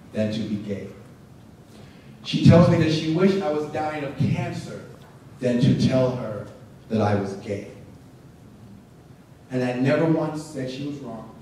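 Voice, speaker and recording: A man's voice: medium pitch, a little slow, long pauses, dark tone, distant mic, slight background noise. Man telling his story in an echoey hall. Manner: earnest storytelling, acts out dialogue. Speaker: speaker at a symposium. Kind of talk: personal story told to an audience.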